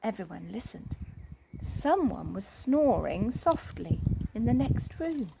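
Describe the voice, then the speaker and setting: A woman reading a children's story aloud, expressive and animated. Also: fairly high pitch, takes it slowly, vocal fry, background noise.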